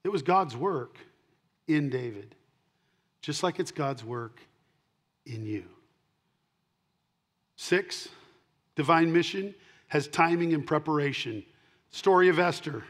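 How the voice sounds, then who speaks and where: A middle-aged male pastor preaching a sermon, swinging between loud emphatic punches and quiet asides, and repeating key lines for emphasis. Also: a little high, expressive, slow pace, pauses often.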